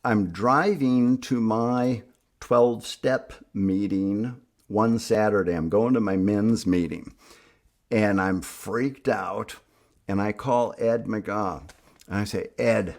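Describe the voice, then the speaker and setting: A man telling a personal story in an animated, emphatic way, acting out what people said. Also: fairly low pitch, takes it slowly. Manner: animated, emphatic, acts out quoted speech. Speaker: speaker on youth addiction treatment.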